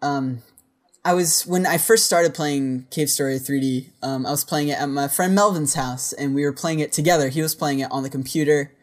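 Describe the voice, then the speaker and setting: A man's voice: on the high side, fairly even intonation, normal speed. A man co-hosting a podcast in casual chat, rambling with lots of filler words. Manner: rambling, filler-heavy speech. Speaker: podcast co-host.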